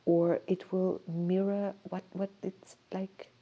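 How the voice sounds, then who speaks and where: A woman hosting a show, musing in a soft, rambling way and often breaking off mid-thought. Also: lowish voice, little pitch movement, takes it slowly, dull audio. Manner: dreamy, rambling, soft-spoken with self-interruptions. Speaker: host. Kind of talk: casual musing monologue.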